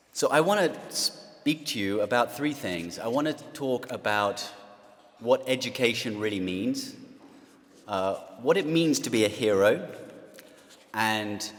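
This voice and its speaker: English man, 40s, lowish voice, guest speaker, halting and wry, big hall reverb. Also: a bit bright. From England. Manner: self-deprecating, halting with many fillers. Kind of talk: speech to an audience.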